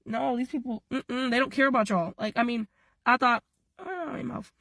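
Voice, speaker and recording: Hoarse, weary young woman talking to camera. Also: fairly high pitch, moderate pace, a bit bright, dry recording. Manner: weary, rambling, repetitive, exasperated. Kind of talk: casual social media vlog.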